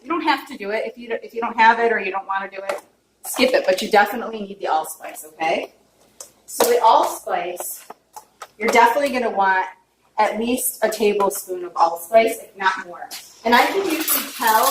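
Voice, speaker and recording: Her voice is mid-range and moves at a moderate pace as she chats through a casual cooking demo at home, wearing her emotions openly and frequently checking on her viewers. The recording comes from a distant mic in an echoey kitchen with a little faint noise.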